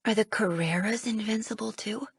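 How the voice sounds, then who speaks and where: A woman reading a first-person audiobook, with a slightly husky, gravelly voice that rises for dialogue. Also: on the high side, moderate pace, no room sound. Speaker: audiobook narrator.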